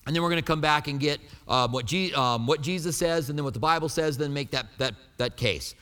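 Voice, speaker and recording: A male pastor preaches in an emphatic, conversational style, walking listeners through scripture. His voice sits a little high for a man. The sound carries the long reverb of a big hall. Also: fairly quick, fairly bright tone, clear, resonant tone. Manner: emphatic, conversational Bible teaching. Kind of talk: sermon.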